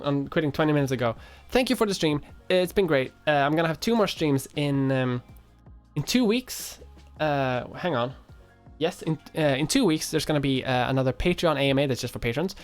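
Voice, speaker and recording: This is a casual livestream in which a woman from Sweden, speaking with a light Swedish accent and a bass voice, reads her viewers' comments aloud. She answers them offhandedly and swears casually.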